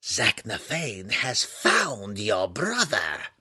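A man voicing a centuries-old drow matriarch in an audiobook, imperious and desperate, with drawn-out, dramatic lines and sudden cries. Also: lowish voice, wildly swooping pitch, sharp tone, breathy edge, dry recording, clean studio sound, full character voice. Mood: fierce elation. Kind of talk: audiobook character voice.

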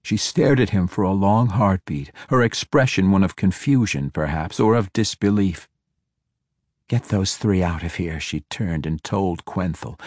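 A man narrating a fantasy audiobook in a measured, steady storytelling voice. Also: fairly low pitch, dry recording, studio quality.

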